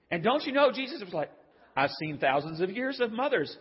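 This older pastor's high-pitched voice is slightly rough and swings widely in pitch as he preaches fairly quickly. His sermon is casual and full of jokes, and he performs the voices in the stories he tells. Long hall reverb colors the dull, lo-fi audio.

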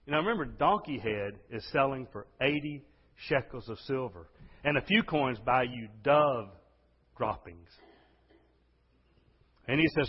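A man preaching a sermon, swinging between hushed, intimate lines and loud, impassioned outbursts. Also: mid-range voice, expressive, unhurried, pauses often, slightly rough. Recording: dull sound with long hall reverb.

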